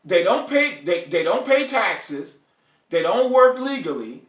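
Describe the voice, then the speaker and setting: An American man hosts a live online show, ranting bluntly and profanely at his viewers and calling out to them by name. His high, fairly bright voice swings widely in pitch at a measured pace. The distant mic picks up a reverberant room.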